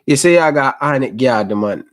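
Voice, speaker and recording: Jamaican male host, mid-pitched voice, easygoing patois chat, casual storyteller. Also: animated, moderate pace.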